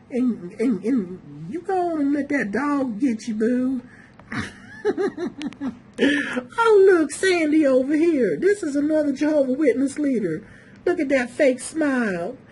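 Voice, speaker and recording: A woman talks through pictures in a sassy, teasing way, calling her viewers "boo" and "honey". Her voice is high and she takes her time, dragging out her words. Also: a little mellow, slight background noise. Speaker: video commentator. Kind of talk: casual mocking commentary.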